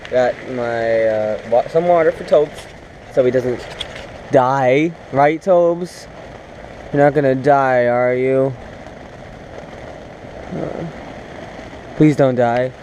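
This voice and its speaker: A man's voice: mid-range voice, slow, pauses often, a little mellow, slight background noise, low-quality recording. A man vlogging from a small tent in heavy rain, rambling casually with lots of fillers and chatting to his dog. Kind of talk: casual self-filmed vlog. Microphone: camera on a tripod.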